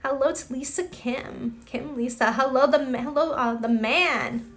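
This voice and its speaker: A young woman with a high-pitched voice and measured pace hosts a live stream, chatting casually while reading viewer comments. She greets viewers by name and reacts with lots of exclamations.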